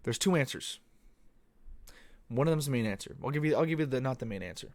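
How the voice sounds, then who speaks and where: A man's voice: mid-range voice, animated, fast, long pauses, a little mellow, no echo. A young man hosting a podcast, talking casually in a loose, profane, meandering monologue. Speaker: podcast host. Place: Arizona.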